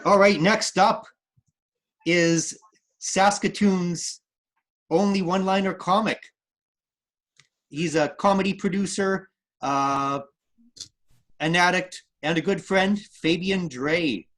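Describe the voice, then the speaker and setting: A man's voice: high-pitched, slow, long pauses, a bit bright. A male host running an online open mic over a video call, easygoing and encouraging.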